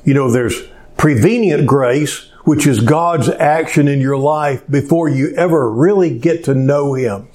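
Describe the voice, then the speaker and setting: A man preaching a sermon in a slow, conversational way, pausing often with fillers. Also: on the high side, darkish tone. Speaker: pastor.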